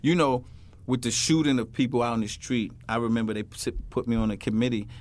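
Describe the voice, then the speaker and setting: A retired police officer, speaking in a mid-range, slightly mellow voice at a quick clip, tells stories during an interview. He acts out the people in them with quoted voices and delivers it all emphatically, making for an animated storytelling session.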